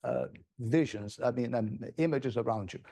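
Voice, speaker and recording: A man delivers a plenary talk at a conference with a gravelly, fry-tinged voice at an ordinary pitch. He sounds enthusiastic and conversational, often circling back to rephrase mid-sentence. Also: normal speed, mellow. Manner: enthusiastic, conversational, with many restarts. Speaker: plenary speaker. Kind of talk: conference presentation.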